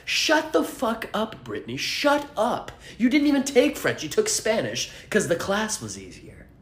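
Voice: mid-range voice, huge pitch swings, normal speed. Profane stand-up comic in a roomy venue. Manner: profane, mocking, mimics others in put-on voices. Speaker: stand-up comedian. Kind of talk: stand-up comedy rant. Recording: roomy stage recording.

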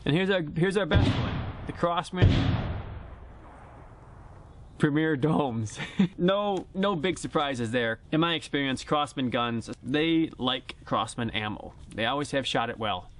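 Recorded on a camera-mounted shotgun mic at an outdoor shooting range, this airgun reviewer gives a casual, joking product review vlog. His voice sits a little high, with lively intonation and a slightly slow pace. He's chatty and plain-spoken, and there's a bit of background noise.

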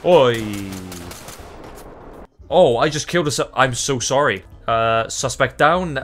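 A man narrating his own gameplay in a rambling, excitable way. He swears freely, breaks into laughter and restarts his sentences mid-thought, over faint background music. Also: mid-range voice, normal speed. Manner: rambling, self-interrupting. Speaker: gaming YouTuber. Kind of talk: gameplay commentary.

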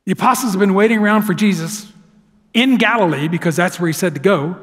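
A man preaching a sermon in a church sanctuary, telling the story with lively, dramatic flair. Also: sits high, quick pace. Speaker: pastor. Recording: long church hall reverb.

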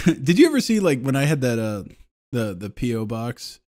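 A man's voice: mid-range voice, moderate pace. A man in his thirties chatting casually on a podcast, telling stories with lots of laughter. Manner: laughing, animated storytelling. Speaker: podcast co-host. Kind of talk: casual chat.

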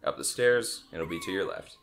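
A man with a very low, deep voice chats casually over a video game playthrough. He is relaxed and teasing, and laughs often. Faint game music plays in the background. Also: moderate pace. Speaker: let's play co-host. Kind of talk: casual gameplay chat.

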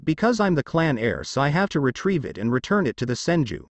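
A man's voice: on the high side, big pitch swings, fast, dry recording. A man reading as an earnest young ninja heir.

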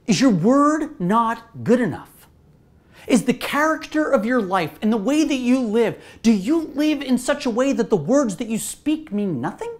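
A woman pastor preaching a sermon in an animated way, asking the listeners rhetorical questions. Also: fairly high pitch, normal speed, few pauses.

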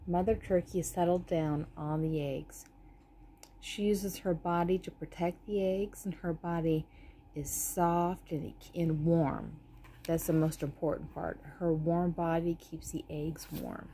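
Slow, mellow-voiced woman reading a kids' story. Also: fairly low pitch, expressive, a little hiss or hum. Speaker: storybook reader. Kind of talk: children's story read-aloud.

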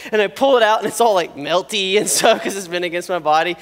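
A man preaching a sermon, telling a personal story in an animated, self-deprecating way and laughing often, recorded in a church auditorium. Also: high-pitched, fast talker. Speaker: pastor. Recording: long reverb of a large hall.

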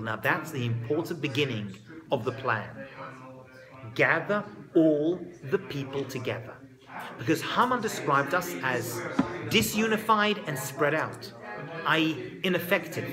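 A man giving a lively lecture that retells a biblical story, talking conversationally and dropping joking asides. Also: on the high side, unhurried, music in the background. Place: live talk before an audience. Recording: live talk with audible audience.

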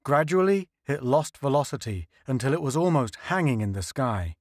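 A male narrator reading a science fiction story in an even, measured voice at a middle pitch. The recording is dry and close, with no room sound. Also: no echo. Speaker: audiobook narrator. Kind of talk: scripted narration.

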